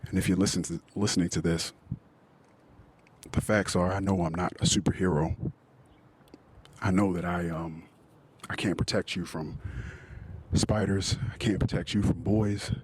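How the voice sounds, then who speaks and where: Brief: a deep-voiced male podcaster, emotional and profane, over a clear noise bed. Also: steady tone, moderate pace, pauses often. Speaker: podcast host. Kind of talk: personal monologue.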